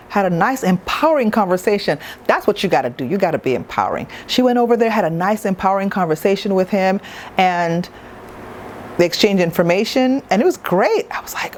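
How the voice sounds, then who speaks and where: A woman's voice: medium pitch, darkish tone, slight background noise. A woman talking to camera in a casual review vlog, chatty and playful, with asides to the viewer. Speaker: TV show reviewer.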